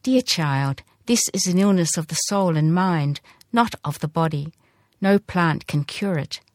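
A very old male hoopoe bird from a storybook, read by a woman, grave and gentle. He speaks slowly and solemnly, full of quiet sorrow. The voice sits a little low and sounds dry and close. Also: no echo, natural voice.

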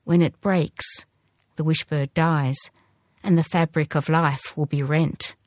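A woman voicing an ancient male hoopoe wishbird, speaking slowly, solemnly and sorrowfully. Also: deep voice, steady tone, no room sound, clean studio sound.

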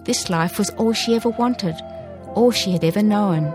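A woman narrating a storybook in a measured, gentle reading voice. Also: mid-range voice, music in the background.

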